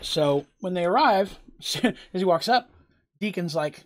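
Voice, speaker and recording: A man's voice: high voice, animated, moderate pace. A man running a tabletop game, rambling casually with lots of fillers and frequent laughs as he narrates and answers questions. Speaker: game master.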